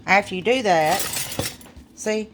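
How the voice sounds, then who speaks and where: Woman cook, homey chatty vlog on a phone, mid pitch, faint noise. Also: slow pace. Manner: homey, chatty, addresses viewers as y'all. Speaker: small restaurant cook. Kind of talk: casual cooking video. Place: restaurant kitchen. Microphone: phone camera.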